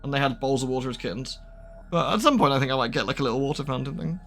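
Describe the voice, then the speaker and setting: A man's voice: medium pitch, expressive, racing, creaky, fairly bright tone, faint music behind. A man giving casual, rambling commentary while gaming, often cooing baby-talk to his cat. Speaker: gaming streamer. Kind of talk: casual let's-play commentary.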